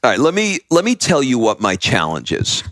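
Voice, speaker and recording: A man's voice: mid-range voice, brisk, dry recording, studio quality. A man in his thirties hosting a podcast, chatting and ranting playfully with his wife. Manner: energetic, joking, rant-like. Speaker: podcast host. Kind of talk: casual chat.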